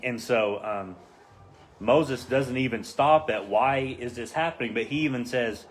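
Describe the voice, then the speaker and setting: A man leading a casual Bible study, acting out the quoted voices with rising pitch. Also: a little slow, a little hiss or hum.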